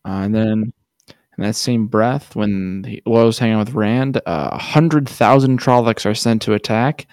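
A man's voice: lowish voice, measured pace, darkish tone, no room sound, clean studio sound. A man co-hosting a podcast, recapping loosely in a casual chat with slang. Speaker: podcast co-host.

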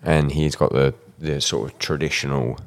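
A man's voice: a bass voice, fairly even intonation, normal speed. A man interviewing a drummer in casual, joking chat, swearing freely. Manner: swearing, joking, laid-back.

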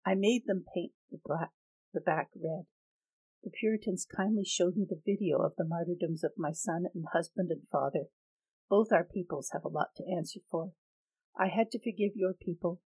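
Soft sad forgiving mom, woman reading, lowish quiet voice, audiobook. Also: husky, no room sound, rough recording. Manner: soft, gentle, sorrowful. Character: gentle older mother, forgiving and sorrowful.

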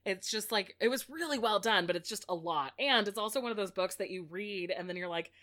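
Woman co-host, bright, clear tone, rambling casual recap with constant "like". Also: medium pitch, fairly quick. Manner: chatty, heavy use of "like", many restarts. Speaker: podcast co-host recapping a book. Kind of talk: casual chat.

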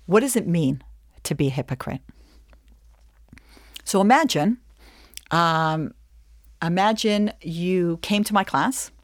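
A woman Jewish educator giving a lively lesson, acting out scenes as she tells stories. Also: fairly low pitch, slow, pauses often, no room sound, clean studio sound. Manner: animated storyteller acting out scenes. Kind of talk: lively teaching talk.

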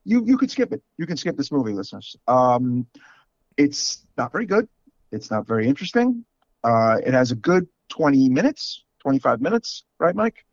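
A man's voice: medium pitch, sing-song, normal speed, no room sound, dull audio. A man with a New York accent, co-hosting a podcast in a frank, casual chat full of fillers. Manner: chatty, frank, with many fillers. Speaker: podcast co-host.

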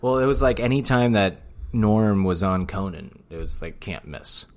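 Blunt, teasing man on a podcast, low voice. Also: expressive, normal speed, a little mellow. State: out of breath. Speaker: podcast co-host. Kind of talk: casual chat.

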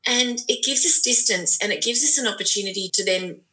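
Bright middle-aged woman, parenting expert, thoughtful explainer with frequent restarts. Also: a little high, a little fast, poor audio. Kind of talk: podcast conversation.

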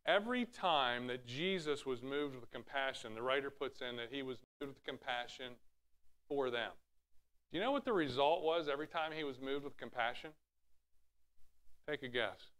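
A man's voice: mid-range voice, lively intonation, moderate pace, a bit bright. A man preaching a sermon, teaching from scripture with rhetorical questions and acting out Bible scenes in raised voices. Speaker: pastor.

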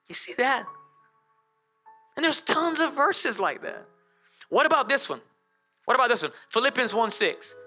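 A male pastor preaching a lively sermon in church, talking straight to the congregation and drawing it into call and response. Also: very high-pitched, fairly quick, soft background music.

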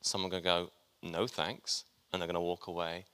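Chatty preacher in a reverberant hall. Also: male voice, low-pitched, monotone, racing, sharp tone, clean tone. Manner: chatty and jokey, talks to the congregation. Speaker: pastor. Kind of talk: sermon.

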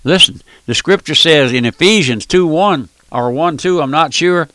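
Man, older, radio preacher, fiery and folksy, higher voice. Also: normal speed, sharp tone, no echo. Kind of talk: radio sermon.

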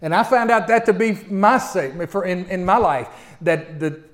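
A middle-aged man preaching a sermon. He speaks in a folksy, animated way and often turns to address the listeners directly. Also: sits high, moderate pace.

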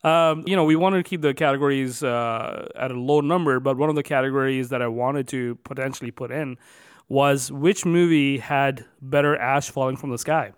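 A man's voice: mid-range voice, normal speed, clean tone, dry recording, studio quality. A man co-hosting a casual podcast, announcing numbered categories with extra emphasis and then chatting loosely. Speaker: podcast co-host.

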